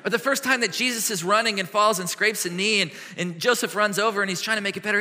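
A male pastor delivers a sermon in a large church hall, his bright, fairly high voice carrying a long reverb. He is animated and earnest, swinging from lively questions down to hushed, gentle passages. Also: fast, hardly any pauses, a little hiss or hum.

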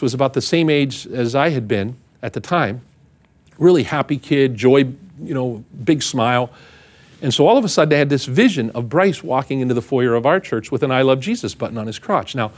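A man's voice: medium pitch, expressive, brisk. A middle-aged man, a pastor, telling a humorous personal story in a sermon, self-mocking and acting out the voices of the people in it.

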